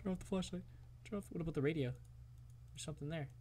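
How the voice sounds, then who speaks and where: A man commentating a horror game, muttering to himself, reading text aloud and yelling in alarm. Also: fairly high pitch, quick pace, a little hiss or hum. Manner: jumpy and excitable, swearing, yelling at the game. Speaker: gaming YouTuber.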